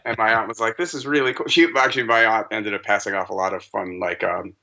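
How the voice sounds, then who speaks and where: A man from Massachusetts talks as a podcast guest, his lowish voice rough with gravel yet bright and forward. He wanders off on tangents in a loose, rambling chat. The sound comes through dull and lo-fi. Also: fast. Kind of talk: casual chat.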